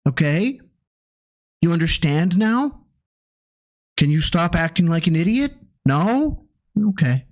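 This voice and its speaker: A man's voice: fairly high pitch, big pitch swings, takes it slowly, pauses often. A man giving sarcastic, profane reaction commentary, ranting in exasperation. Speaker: co-host mocking a recap video.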